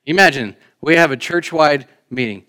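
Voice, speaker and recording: A man's voice: fairly high pitch, animated, normal speed. Man preaching a conversational sermon. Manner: conversational preaching, rising emphatic then quiet asides. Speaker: pastor. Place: church sanctuary.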